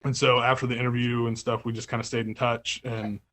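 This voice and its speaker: A man's voice: mid-range voice, flat delivery, fairly quick, a bit bright. Rambling man talking about his record label. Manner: rambling, many fillers and restarts, laughs often. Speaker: label owner and music writer. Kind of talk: casual interview chat.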